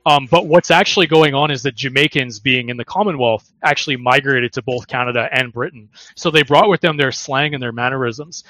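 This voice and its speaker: Podcast co-host, man, bright and slightly high, dry close sound, explains emphatically. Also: a little fast, few pauses, no room sound, rough recording. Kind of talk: casual chat.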